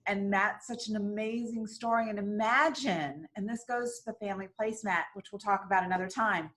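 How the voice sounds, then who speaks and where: A woman co-hosts a podcast in a casual, chatty way. She talks quickly and with enthusiasm. Her voice sits at a middle pitch. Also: fairly bright tone. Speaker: podcast co-host. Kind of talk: casual chat.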